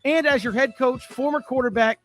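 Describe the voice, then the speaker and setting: A man's voice: very high voice, fairly even intonation, brisk, fairly bright tone, faint music behind. A man co-hosting a casual sports talk show, chatty and wry as he argues his picks.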